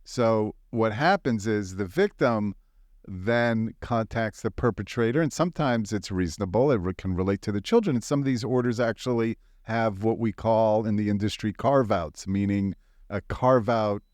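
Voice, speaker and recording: A man's voice: fairly low pitch, moderate pace, darkish tone, no echo, clean studio sound. A man hosting a legal podcast, asking long, lawyerly clarifying questions. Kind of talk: podcast interview.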